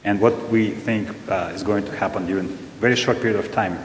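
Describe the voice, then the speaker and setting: Russian-accented man on a roomy stage. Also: fairly even intonation. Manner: halting, many fillers and restarts. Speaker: panelist, robotics company scientist. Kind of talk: panel discussion answer. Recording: echoey hall with faint rumble.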